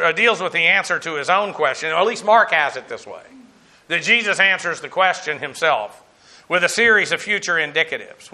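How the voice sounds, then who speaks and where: A man's voice: fairly high pitch, sharp tone. A man teaching verse by verse through a Bible passage, working through numbered points in a discursive, emphatic way, with frequent fillers and restarts.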